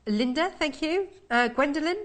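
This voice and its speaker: A woman's voice: sits high, lively intonation, normal speed, fairly bright tone. A woman presenting a live shopping channel from a TV studio, chatting and selling in upbeat patter.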